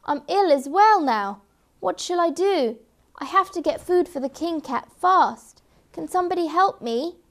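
A rain-soaked little cat cries out high and fretful, as a woman puts the voice on. Storybook reading for children. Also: lively intonation, unhurried, full character voice. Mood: distressed. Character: soaked, sniffly young cat.

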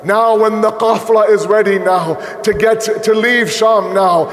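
A man giving an emotional sermon that builds into impassioned, shouted storytelling. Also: high voice, steady tone, measured pace. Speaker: preacher. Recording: echoey hall.

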